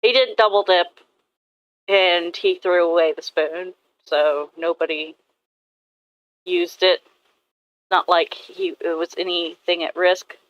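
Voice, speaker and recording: A woman's voice: on the low side, steady tone, takes it slowly, pauses often, no echo, dull audio. A woman artist chatting casually and rambling about her characters, swearing now and then. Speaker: artist vlogger. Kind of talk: casual chat while drawing.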